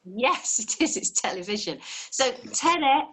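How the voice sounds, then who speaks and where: A woman's voice: a little high, very animated, measured pace, pushed and bright, husky. A woman teaching a live online language lesson, explaining patiently step by step and encouraging her students over a video call.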